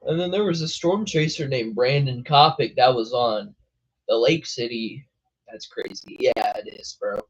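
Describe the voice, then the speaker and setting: A man's voice: mid-range voice, moderate pace, slightly rough, lo-fi sound. A young man hosting a weather show, chatting casually on a live stream, laughing often and calling people bro. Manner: laid-back, laughing, says bro a lot.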